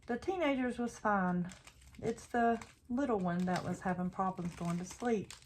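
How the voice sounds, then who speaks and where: A woman's voice: fairly low pitch, moderate pace, slight background noise. An older woman, the host of a craft channel, chatting and telling rambling stories while she works on a craft. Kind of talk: casual chat while crafting.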